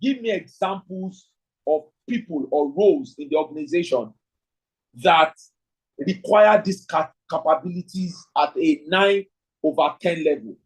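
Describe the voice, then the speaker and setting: Husky man teaching a leadership class. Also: fairly high pitch, a little slow, low-quality recording. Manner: thinking aloud, frequent "right?" tag questions; reads participants' chat answers. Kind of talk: online class lecture with audience questions.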